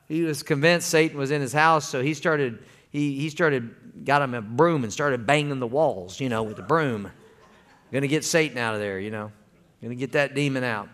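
A man's voice: mid-range voice, normal speed, a bit bright. A man preaching a sermon as pastor, folksy and calling on the congregation to answer back. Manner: folksy, calls for congregation responses.

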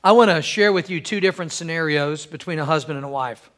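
A man's voice: quick pace, fairly bright tone. A middle-aged man preaching a sermon, asking for amens and acting out everyday scenes. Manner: preacherly, calls for amens, acts out quoted wives in a high voice. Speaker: pastor.

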